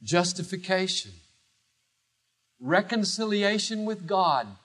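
Man, pastor, sermon, slow deliberate delivery, animated swooping pitch, loud then hushed. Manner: emphatic, swinging from loud declaration to hushed low phrases with long pauses.

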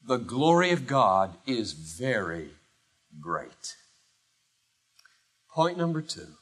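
A man preaching a sermon as pastor, emphatic, swinging from loud declarations to hushed low phrases with long pauses. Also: sing-song, breathy edge.

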